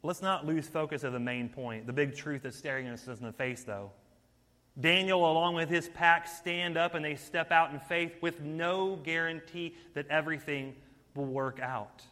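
A man preaching a sermon in an energetic, conversational way, talking straight to his listeners. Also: fairly high pitch, moderate pace, long reverb tail.

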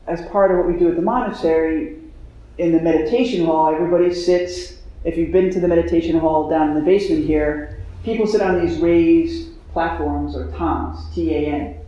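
A man's voice: a little high, warm tone. A man telling a personal story in a dharma talk, chatty and self-mocking, with lots of fillers. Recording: echoey dull hall recording.

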